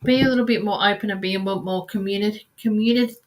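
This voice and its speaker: A woman giving a live card reading, halting and searching for words, sighing often and calling listeners sweetheart and darling. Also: medium pitch, steady tone. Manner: halting, searching, with frequent sighs and restarts. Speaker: card reader.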